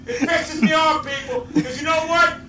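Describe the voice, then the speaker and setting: A man's voice: very high-pitched, fairly even intonation, normal speed. A man screaming and cursing furiously at a video game as he plays, in a clip played back from a recording. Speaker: gamer in a rage clip. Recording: echoey, distant, loud noisy capture.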